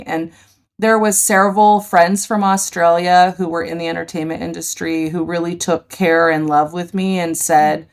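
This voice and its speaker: A middle-aged woman, a podcast guest, telling vivid stories in an animated conversational way. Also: fairly low pitch, moderate pace, clean tone. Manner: animated, vivid storyteller, laughs easily. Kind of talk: conversational storytelling.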